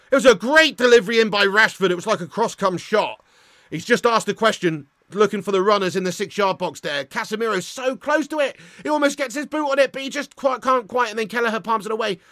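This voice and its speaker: High bright-voiced football fan. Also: male voice, no echo, clean studio sound. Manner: excitable, swearing, laughing fan. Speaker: football watch-along host. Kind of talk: live fan commentary.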